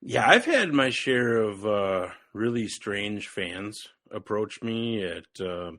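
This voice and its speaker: A man's voice: lowish voice, animated, slow pace, a bit bright. A man hosting a wrestling podcast, talking casually with lots of "like" and frequent laughter. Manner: rambling, heavy use of "like", laughs often.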